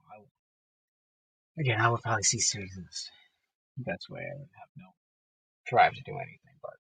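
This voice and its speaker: A man's voice: lowish voice, vocal fry, a bit bright, husky, no room sound, dull audio. A man in a casual, blunt and profane vlog monologue, recorded on a phone inside his car. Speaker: horror movie vlogger. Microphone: phone held away from the mouth.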